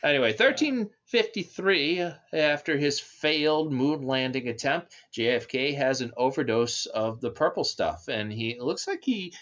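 A man co-hosting a casual podcast, recapping and joking in an animated way. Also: mid-range voice, normal speed, few pauses, dull audio. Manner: animated storytelling, jokey. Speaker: podcast co-host.

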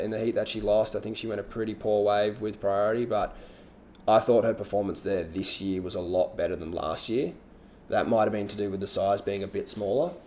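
A man chatting casually about competition surfing, relaxed and rambling, with frequent restarts. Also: fairly low pitch, slight background noise. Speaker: surf analyst guest. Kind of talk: casual podcast chat.

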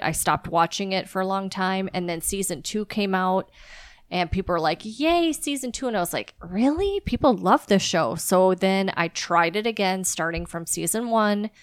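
A woman's voice: fairly low pitch, steady tone, moderate pace, smooth, dry recording, studio quality. A woman co-hosting a casual chat show, talking with many fillers and restarts. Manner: chatty, hesitant with many fillers. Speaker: podcast co-host.

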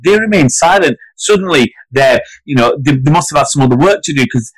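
A man co-hosting a football podcast, arguing his point in an animated, heated way, his pitch climbing as he gets worked up. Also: fairly quick, husky, dry recording, rough recording. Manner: animated, argumentative, rising pitch when heated. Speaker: podcast co-host. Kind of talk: casual football podcast chat.

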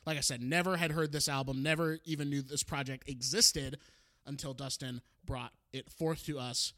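A man's voice: medium pitch, steady tone, moderate pace, fairly bright tone, dry recording, clean studio sound. A young man co-hosting a podcast, chatting casually, joking and laughing as he rambles. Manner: jokey, laughs often, rambling. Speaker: podcast co-host.

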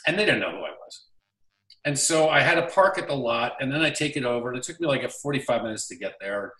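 A man's voice: mid-range voice, fast talker, roomy sound, recorded from a distance, low-quality recording. A man, an actor, casually telling an anecdote about his career, acting out the lines of the people in it. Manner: animated storyteller acting out quoted lines. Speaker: actor guest.

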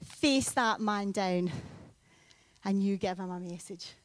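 A woman preaching a sermon in a church, telling a story with lively bursts of loud emphasis. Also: medium pitch, takes it slowly, no room sound. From Scotland. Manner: animated storytelling with sudden loud peaks.

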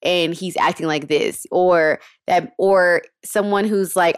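A woman's voice: fairly low pitch, unhurried, smooth, no room sound, studio quality. A young woman hosting a podcast, giving casual advice in a frank, slangy way with casual cursing. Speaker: podcast host.

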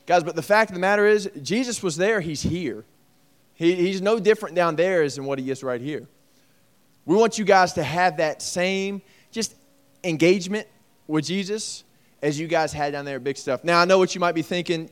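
A man's voice: sits high, moderate pace. A man, leading a youth group and encouraging them in a casual preaching manner. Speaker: youth pastor.

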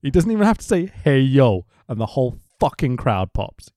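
A man co-hosting a podcast, chatting excitably, swearing a lot and laughing often. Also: mid-range voice, quick pace, no echo, clean studio sound. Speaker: podcast co-host. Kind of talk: casual chat.

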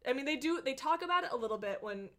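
A young woman co-hosting a casual chat, excitable and gushing, often acting out lines. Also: sits high, very fast.

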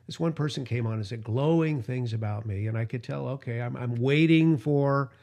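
A male radio host speaking in an emotional podcast monologue, with a voice of ordinary middle pitch. He grows impassioned and climbs higher when he is outraged. Strong feeling sometimes makes him halt and restart his words. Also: normal speed, darkish tone.

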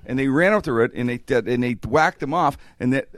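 A man's voice: medium pitch, a little fast, no echo. A man hosting a podcast, telling stories in rambling casual banter full of restarts and chuckles. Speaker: podcast host.

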